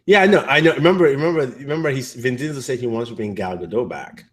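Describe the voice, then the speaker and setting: A man's voice: medium pitch, quick pace, fairly bright tone. A man co-hosting a casual movie review chat, rambling with many fillers and restarts. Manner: acts out characters' lines in quotes.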